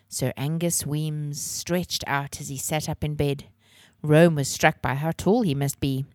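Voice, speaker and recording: Woman reading a kids' storybook, low voice, dry close mic. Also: fairly even intonation, unhurried, darkish tone, no room sound. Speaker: podcast host and reader.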